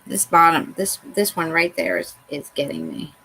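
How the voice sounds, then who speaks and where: In a lowish, bright, forceful voice with vocal fry and big pitch swings, a woman talks at normal speed through a crafts tutorial. Her voice is slightly rough. She's chatty, talks to herself while crafting, and jokes about her own slip-ups, though the audio is poor.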